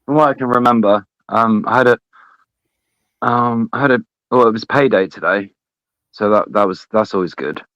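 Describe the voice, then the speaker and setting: A man's voice: lowish voice, normal speed, fairly bright tone, dry recording. A man joining a live online panel as a newcomer, answering in an easygoing way with short replies. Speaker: panel caller. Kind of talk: casual chat. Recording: dull dry remote mic.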